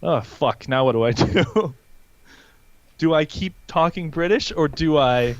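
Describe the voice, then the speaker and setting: A man's voice: a little high, a little slow, no room sound. A man co-hosting a podcast who tells his stories with energy, dropping in bits of put-on accents along the way. His voice comes through a dull, lo-fi mic, and the sound is dry and close. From California. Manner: animated storyteller, slips into put-on accents. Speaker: podcast co-host. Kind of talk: casual chat.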